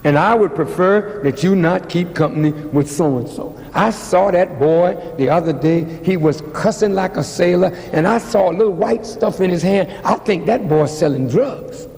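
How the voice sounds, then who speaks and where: A man's voice: high voice, normal speed, hardly any pauses, darkish tone, pitched below the performer's own voice. A man voicing a firm mother who lectures her son and warns him off a bad friend. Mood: warning. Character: stern caring mother warning her son. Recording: long hall reverb.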